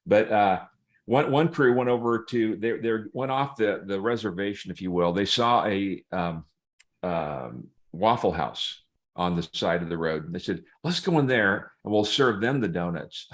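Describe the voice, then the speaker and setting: A man, a pastor, telling humorous stories in a relaxed chat, laughing as he acts out the people in them. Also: lowish voice, unhurried. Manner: humorous, laughing storyteller, acts out quoted voices. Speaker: pastor and guest. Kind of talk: casual storytelling chat.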